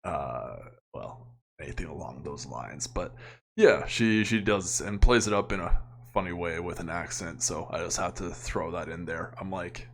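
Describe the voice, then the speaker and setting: Low-voiced man hosting casual commentary. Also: normal speed, creaky. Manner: chuckling, offhand, opinionated. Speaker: commentary channel host.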